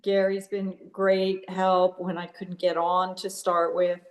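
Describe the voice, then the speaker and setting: A woman's voice: fairly low pitch, monotone, slow pace, reverberant. A woman from Canada, speaking in a grateful, rambling way about her course. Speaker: course participant.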